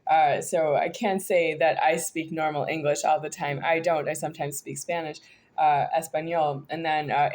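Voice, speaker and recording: Low-pitched woman from the us, rambling vlog talk, lots of uhs and stops. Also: darkish tone. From United States. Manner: halting, disjointed, many hesitations. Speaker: vlogger. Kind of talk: rambling monologue to camera.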